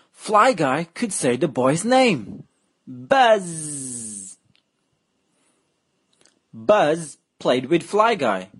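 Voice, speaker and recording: A woman reading a picture book to children, drawing every word out very slowly. Her pitch swoops up and down as she plays up the story, and her voice has a soft, breathy edge. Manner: slow, playful, exaggerated reading.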